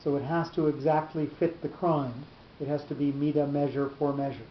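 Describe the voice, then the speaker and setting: A man teaching a Torah class in a deliberate, halting explanatory lecture, often restarting his phrases. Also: fairly even intonation. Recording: roomy, dull lo-fi recording with faint rumble.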